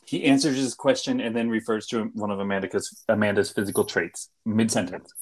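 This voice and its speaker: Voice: medium pitch, steady tone, a little fast. A podcast co-host making wry asides in casual chat.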